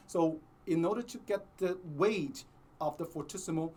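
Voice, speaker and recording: A man teaching a cello lesson, explaining slowly and patiently with many pauses, sometimes singing the phrases he means. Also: fairly high pitch. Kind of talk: music lesson with sung demonstrations.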